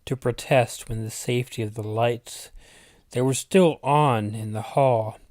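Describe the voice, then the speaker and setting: A man telling a spooky story at a slow, unhurried pace, each line laid out with care. His voice sits in a middling register and sounds close and dry, with no room around it. He breaks off now and then for an aside to his listeners. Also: medium pitch, a little mellow, no echo. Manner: unhurried, deliberate reading with asides. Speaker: channel host reading his own story. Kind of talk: storytelling narration.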